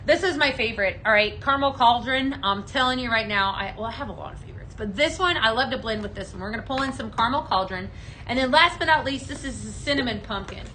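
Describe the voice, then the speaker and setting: Bright, chatty woman hosting a live sales show. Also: a little high, lively intonation, fast, a little hiss or hum, rough recording. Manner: chatty and upbeat, selling, reading viewer comments aloud. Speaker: host of a live home fragrance sales show. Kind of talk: live on-air product demo chat. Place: studio set under hot lights.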